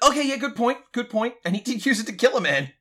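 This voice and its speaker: A man's voice: very high voice, very animated, fast, bright, forceful tone. A man co-hosting a podcast, chatting casually in a dry, offhand way and laughing easily. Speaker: podcast co-host. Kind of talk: casual chat.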